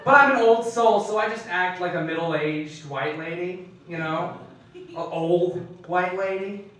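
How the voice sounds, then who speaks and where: A young adult man doing a stand-up comedy set on a club stage, animated and building to mock-outraged shouts. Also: sits high, unhurried, a little hiss or hum. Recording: echoey club from far off.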